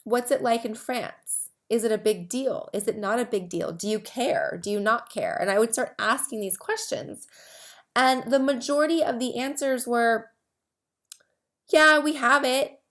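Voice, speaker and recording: Speaking at normal speed with a voice a little on the high side, a woman hosts her own herpes advocacy podcast. Her casual talk to camera rambles, full of asides and restarts.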